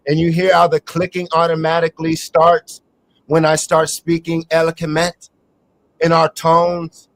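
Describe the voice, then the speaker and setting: A man's voice: fairly high pitch, completely flat delivery, measured pace, dry recording, rough recording. A man hosting a live online talk show, delivering a rambling, emphatic monologue. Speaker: host.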